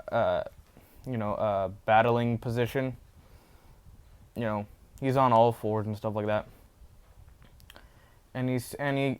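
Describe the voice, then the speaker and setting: A man's voice: mid-range voice, a little mellow, clear, resonant tone. A man casually retelling a fan story off the cuff, rambling with many fillers and self-corrections.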